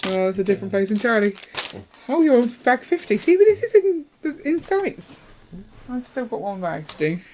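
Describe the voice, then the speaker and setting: A woman with a slightly high, warm voice speaks a little fast, her pitch swinging widely. Co-hosting a live building stream, she chats playfully while building, hopping between topics and reading viewer messages aloud.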